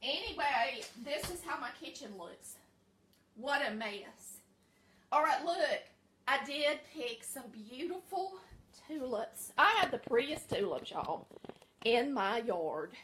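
A woman's voice: sits high, big pitch swings, a little slow, fairly bright tone, slight background noise. A middle-aged Southern woman with a Southern American accent, chatting folksily to viewers in a casual vlog from her home kitchen. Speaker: vlogger.

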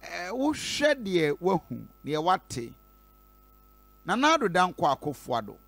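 A Ghanaian man interviewing a guest, asking measured, probing questions. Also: high-pitched, wildly swooping pitch, a bit bright, no echo. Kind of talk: political interview, Twi mixed with English.

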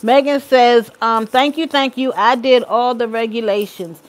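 A woman's voice: on the high side, fairly even intonation, a little slow. A woman hosting a casual live chat, reading viewers' comments aloud and talking to them in an earnest, encouraging way. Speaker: live stream host.

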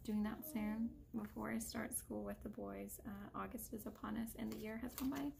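A woman's voice: mid-range voice, steady tone, moderate pace, gravelly. A young woman and homeschooling mom casually talking through books in a vlog, thinking aloud with fillers. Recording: loud background noise.

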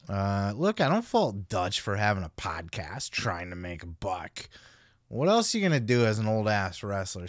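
A man's voice: a little high, a bit bright, no echo, studio quality. A man hosting a podcast, giving casual commentary in a blunt, heavily profane way. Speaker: podcast host.

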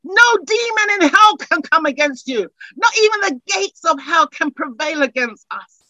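A woman's voice: very high voice, expressive, normal speed, dry recording, rough recording. A woman preaching a sermon, building from chatty asides to fervent, repeated declarations. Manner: rising to fervent shouts, repeating phrases.

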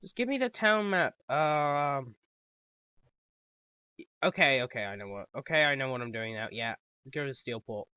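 A man hosting a let's play, commenting excitedly on the game, joking and laughing easily. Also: medium pitch, moderate pace, long pauses, smooth, dry recording.

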